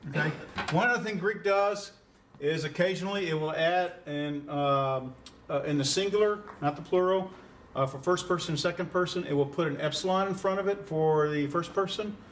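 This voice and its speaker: A man's voice: fairly high pitch, moderate pace, distant mic, slight background noise. A man teaching an introductory Greek class in a conversational lecture style, quizzing students and chuckling at his own puns. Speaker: Greek instructor.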